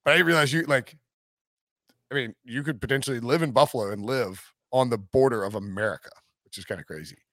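A man's voice: medium pitch, fast talker, fairly bright tone, no echo, clean studio sound. A man hosting a sports podcast, chatting casually, joking and laughing often. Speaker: podcast host.

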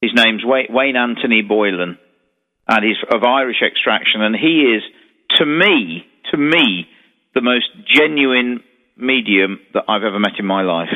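A man's voice: fairly low pitch, a little slow. An English man, a paranormal investigator, chatting as a radio guest in a rambling, storytelling way with many restarts. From England. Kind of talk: casual radio chat. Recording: tinny phone line with long reverb.

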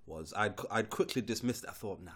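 A man's voice: lowish voice, slightly rough. A man from Britain, a pro wrestler, chatting casually and telling stories with frequent restarts and laughter. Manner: laughing, halting storyteller with many restarts. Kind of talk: casual podcast chat.

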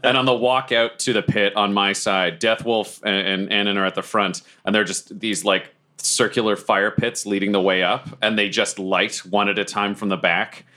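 A man playing a tabletop game, describing his character's actions in a deadpan, deliberate way. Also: lowish voice. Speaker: player.

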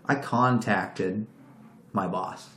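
A man's voice: fairly low pitch, extremely slow, a bit bright. A man telling a story in a casual, profane way, acting out the voices of the people he quotes. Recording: roomy echo.

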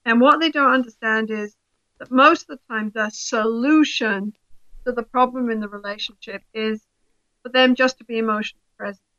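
A woman couples therapist with a slightly high, bright and forceful voice. She explains in a lively way and slips into the voices of the people she describes. The recording is dull and a little lo-fi, close and dry. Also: normal speed, dry recording. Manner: lively, acts out the voices of the people in her examples. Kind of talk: explanatory interview talk.

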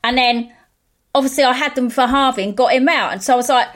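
A woman's voice: high voice, quick pace, a bit bright. A woman co-hosting a podcast, telling indignant stories in casual chat and acting out what people said. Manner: indignant storytelling, acting out quotes. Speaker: podcast co-host.

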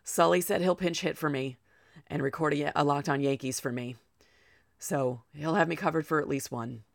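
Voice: mid-range voice, moderate pace, gravelly, dry recording, clean studio sound. A podcast host talking through a solo sports show, out of breath and chatty, with personal asides.

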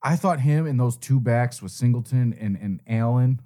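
A man's voice: mid-range voice, moderate pace. A man co-hosting a sports podcast, rambling through his views on college football in casual chat. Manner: rambling, animated. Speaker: co-host.

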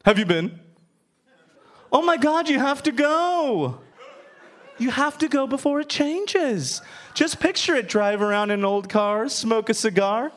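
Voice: mid-range voice, lively intonation, unhurried, pitched above the performer's own voice, lightly acted. A man voicing a clueless tourist who gushes with breathless enthusiasm. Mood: gushing.

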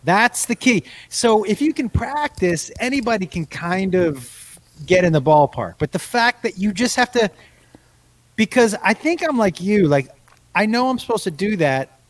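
A man's voice: high voice, big pitch swings, normal speed. A man co-hosting a podcast in casual chat, rambling and often breaking into laughter. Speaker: podcast co-host.

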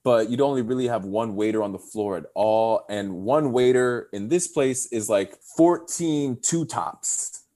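A man in his thirties, guesting on a podcast via video call, talks at a measured pace in a medium-pitched voice with hardly any pauses. He's an animated storyteller who acts out the voices of people he quotes in casual chat.

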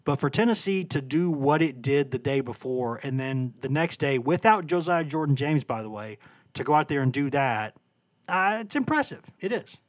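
A man's voice: fairly high pitch, animated, moderate pace, no echo. A man co-hosting a sports podcast, chatting casually about college basketball and stumbling over names as he corrects himself.

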